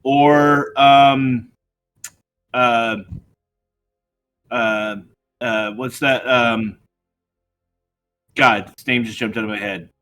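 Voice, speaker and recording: Very slow-talking, halting man player. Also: mid-range voice, fairly even intonation, fairly bright tone, clean tone, soft background music. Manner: halting, searching for words. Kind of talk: casual tabletop play.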